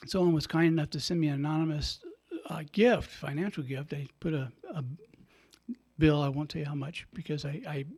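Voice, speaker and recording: A man's voice: high voice, darkish tone. An older man who is a priest and radio host tells a story in a chatty, casual way, laughing often and acting out what people said. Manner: chatty, laughing, acts out his own quotes. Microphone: studio microphone.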